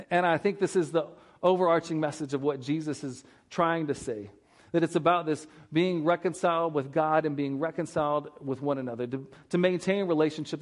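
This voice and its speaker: A male pastor preaching a sermon in a relaxed, conversational way, earnest, often repeating words as he thinks aloud. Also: fairly high pitch. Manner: conversational, retells scripture with acted-out dialogue.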